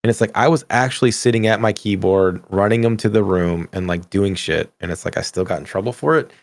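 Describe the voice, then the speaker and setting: Gravelly, low-voiced middle-aged man ranting. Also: a little fast, no echo. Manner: animated, ranting, swears casually. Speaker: podcast co-host. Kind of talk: casual gaming podcast chat.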